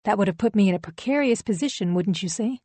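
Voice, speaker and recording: A woman's voice: mid-range voice, lively intonation, fast talker, mellow, no room sound, natural voice. A woman reading the lines of a defensive middle-aged male pastor in an audiobook, in a formal, evasive way.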